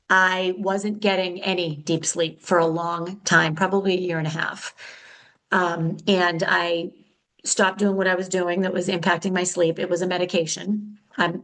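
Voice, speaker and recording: A woman's voice: fairly low pitch, poor audio. A middle-aged woman hosting her own podcast, talking in a candid, chatty way that is a little frenetic and full of self-corrections. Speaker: podcast host. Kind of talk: casual solo podcast talk.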